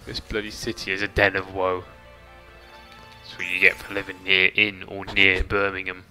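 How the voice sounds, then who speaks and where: A man's voice: low voice, completely flat delivery, normal speed, bright, forceful tone. A man chatting casually as he streams a game, reading chat and swearing lightly, with faint game music behind. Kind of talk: casual gameplay commentary.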